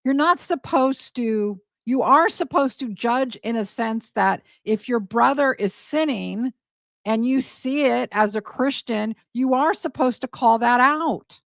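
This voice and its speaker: Brief: higher-pitched woman commentator, dry close sound, emphatic and incredulous. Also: a little slow, gravelly, dry recording. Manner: incredulous, emphatic, repeats words for effect. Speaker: commentary host. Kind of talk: casual commentary.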